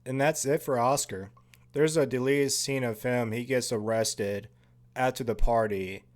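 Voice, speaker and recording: A man's voice: mid-range voice, steady tone, unhurried. A man hosting a casual movie commentary, laid-back and chatty, often laughing and swearing casually. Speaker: podcast host.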